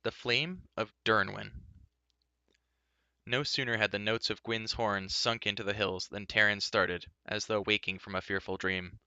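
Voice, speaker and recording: Man, audiobook narrator, very bright and crisp, close dry mic. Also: steady tone, measured pace, no room sound, muffled recording. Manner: shifts pitch and loudness for each character's lines. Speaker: audiobook reader. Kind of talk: storybook narration with character voices.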